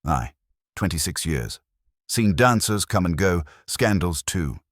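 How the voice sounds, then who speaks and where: Man playing a gruff older stage manager, deep and husky, dry sound. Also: big pitch swings, takes it slowly, no room sound, heavily acted. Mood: uneasy. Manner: gruff, plain-spoken. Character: grizzled anxious older male stage manager.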